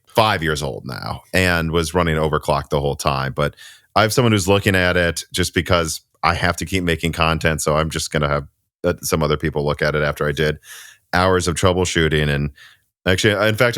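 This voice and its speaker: A man's voice: sits low, fairly bright tone, dry recording, studio quality. A man hosting a casual tech podcast, chatty and sarcastic, rambling with restarts. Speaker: podcast host.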